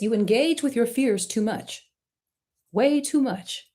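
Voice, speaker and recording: A woman's voice: a little high, very animated, takes it slowly. A woman hosting a live-stream Q&A, coaching artists in an emphatic, direct and encouraging way. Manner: warmly encouraging to the questioner.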